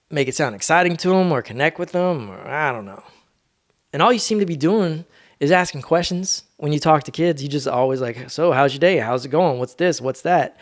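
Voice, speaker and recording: A man hosting a solo podcast, talking in a rambling, laid-back, slangy way. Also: on the high side. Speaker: podcast host. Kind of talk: casual solo monologue.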